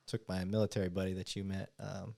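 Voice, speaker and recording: A man co-hosting a podcast about police work, talking in an easygoing way. His voice sits a little low, and he jokes along with his guest and agrees readily. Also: level tone, creaky, a little mellow. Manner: easygoing, quick to agree and joke. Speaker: podcast host, police officer. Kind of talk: casual interview chat.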